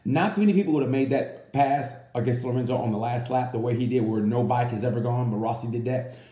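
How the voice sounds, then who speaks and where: A man giving a casual, rambling comedic monologue that reviews a motorcycle race, full of animated asides. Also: medium pitch, quick pace, reverberant.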